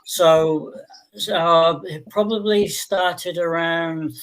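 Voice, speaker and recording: An easygoing man with a New Zealand accent chats as a guest. His voice sits a bit high and stays flat, with little rise or fall. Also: drawn-out words, low-quality recording. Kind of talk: casual chat.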